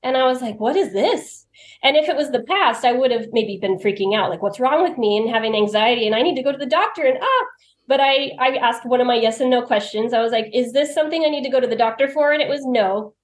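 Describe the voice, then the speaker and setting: A woman's voice: on the high side, lively intonation, quick pace. A woman telling personal stories as a podcast guest. She is chatty, laughs often and acts out what she said to herself. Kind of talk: personal storytelling in conversation. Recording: roomy echo.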